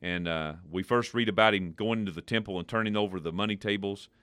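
A man co-hosting a devotional podcast, explaining Bible verses in a conversational, animated way. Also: fast, clean tone, no echo. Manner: animated, playful, jumps in pitch for emphasis.

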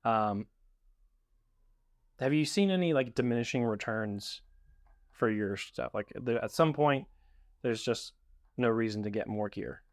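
A man's voice: medium pitch, a little slow, pauses often, dry recording, studio quality. A man hosting a filmmaking podcast, talking in a laid-back, conversational way. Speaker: podcast host. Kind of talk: casual podcast interview.

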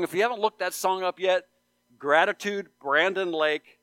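A male pastor delivers an earnest sermon, circling back on his phrases and building to loud pleas. His voice sits a bit high and sounds smooth and resonant. The recording is close and dry. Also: normal speed, no echo. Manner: earnest, repeats phrases for emphasis, rises to loud appeals. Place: church sanctuary.

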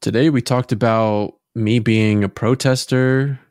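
A man with a New Jersey accent co-hosting a podcast, rambling with halting restarts in casual banter. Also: medium pitch, steady tone, a little mellow, clean tone, no echo, clean studio sound. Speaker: podcast co-host.

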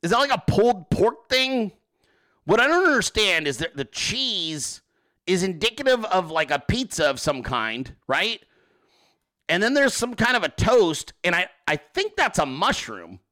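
A man hosting a livestream, talking in a loose, profane, sarcastic way straight to his audience. His voice sits a bit high and swings widely in pitch. It has a bright, forceful edge. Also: very animated, a little slow. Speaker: livestream host. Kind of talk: casual livestream chat reacting to viewer pictures.

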